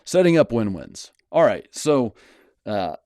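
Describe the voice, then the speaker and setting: Unhurried and warm, this mid-range voice swings widely in pitch, in a dry, studio-quality recording. He's a house flipper hosting his own channel, talking to camera alone, casual and blunt, with plenty of rambling, fillers and restarts.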